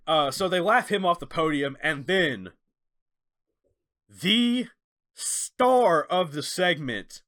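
A man co-hosting a casual chat who talks in an animated way and acts out quotes in different voices. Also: a little high, slow pace, pauses often. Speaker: podcast co-host.

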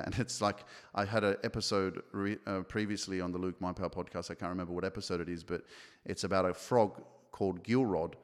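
Brief: man, podcast host, lowish voice, blunt and profane, rambling delivery, long reverb. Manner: blunt, swears freely, many fillers and restarts. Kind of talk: casual motivational monologue. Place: home office.

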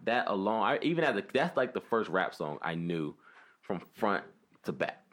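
A man in casual podcast chat, animated and quick to rap lyrics aloud. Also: on the low side. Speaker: podcast co-host.

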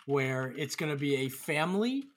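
A man's voice: on the high side, animated, moderate pace. Rambling male podcast host. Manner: rambling, many fillers. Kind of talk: casual group chat.

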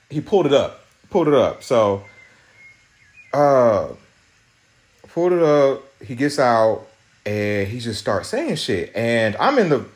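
A young man hosting a podcast, telling an angry story in a profane, agitated rant with many restarts. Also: medium pitch. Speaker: podcast host.

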